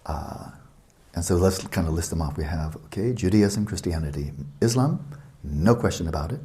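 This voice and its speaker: Male meditation teacher, lower register, mellow and relaxed tone; expansive, explanatory retreat-talk delivery with repetition and asides. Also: normal speed, slight background noise. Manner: expansive, explanatory, repeats words for emphasis; conversational asides to listeners.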